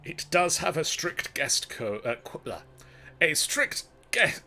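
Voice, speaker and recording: A man putting on a brash, swaggering innkeeper in a tabletop game, whose tough street accent never settles and keeps drifting from place to place. The voice is bright and forward, and it swings lively up and down. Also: on the high side, extremely slow, full character voice. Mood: helpful.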